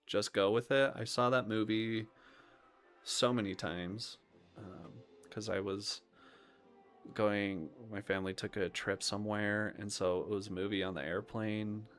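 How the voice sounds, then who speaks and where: A man's voice: lowish voice, fairly even intonation, measured pace, a bit bright, soft background music. A young man hosting a live stream, chatting casually about movies in a rambling way, with lots of ums and half-finished thoughts. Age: young adult.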